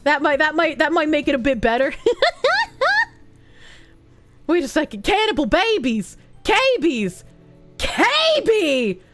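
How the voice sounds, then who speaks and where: A young woman livestreaming, reading chat messages aloud, thanking donors and laughing often in a loose, animated way. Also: fairly high pitch. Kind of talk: live stream chat reading.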